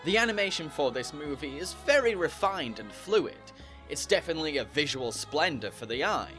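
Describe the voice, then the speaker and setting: A man's voice: a little high, sing-song, normal speed, sharp tone, soft background music. A man narrating a scripted review, opinionated and critical. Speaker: anime reviewer.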